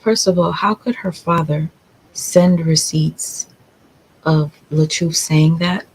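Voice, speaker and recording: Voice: mid-range voice, fairly even intonation, takes it slowly, a little mellow, husky, rough recording. A co-host of a reaction commentary, questioning the clip skeptically.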